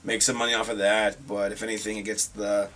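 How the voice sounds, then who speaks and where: A man's voice: fairly low pitch, level tone, brisk, fairly bright tone. A man earnestly explaining his view as a reaction panelist. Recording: distant mic.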